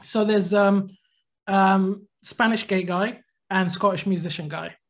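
A man with a high-pitched voice and a measured pace co-hosts a podcast. His talk is casual storytelling, a long anecdote told with animation as he acts out people's quotes.

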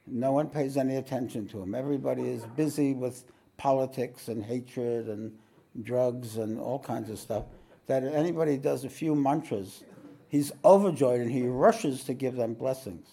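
In a rambling way, a spiritual teacher relates a story to his meditation listeners, using fillers and frequently clearing his throat. His mid-range voice has a dark tone and moves at normal speed.

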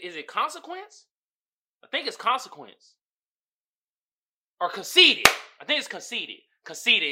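A man riffing on his own podcast in loose, slang-heavy, profane chat. His voice sounds bright and forward, and his pitch swings widely as he gets worked up. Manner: animated, slangy and profane, often breaking into laughter. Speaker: podcast host. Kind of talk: casual podcast commentary.

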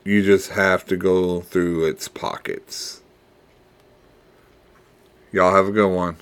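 Slow, deep-voiced man musing on a podcast. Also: fairly bright tone. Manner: reflective, rambling, with pauses and repeated words; earnest and fatherly, closing with blessings. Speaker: podcast host. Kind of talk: casual solo podcast monologue.

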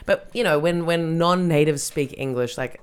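A woman's voice: low voice, moderate pace, smooth. A woman from New Zealand hosting a casual comedy podcast, talking chattily with lots of fillers and restarts. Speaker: podcast host.

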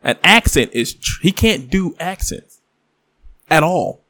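A man's voice: on the high side, expressive, slow, sharp tone, no room sound. Opinionated man, dry close mic. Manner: opinionated, talks in short firm statements. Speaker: podcast co-host. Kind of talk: casual chat.

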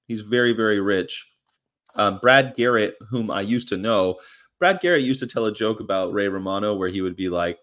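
A man's voice: mid-range voice, moderate pace, fairly bright tone. A man vlogging in a casual, rambling monologue with offhand, crude, jokey asides.

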